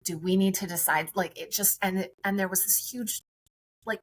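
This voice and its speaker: A woman's voice: mid-range voice, moderate pace, rough recording. A woman guest on a podcast, a friendly and chatty mother telling her own story in conversation.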